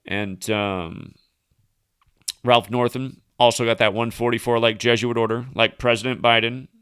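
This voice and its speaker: A man's voice: mid-range voice, flat delivery, measured pace, fairly bright tone, clear, resonant tone, dry recording, studio quality. A man hosting a solo livestream, rambling through a chain of number links with casual asides. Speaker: livestream host.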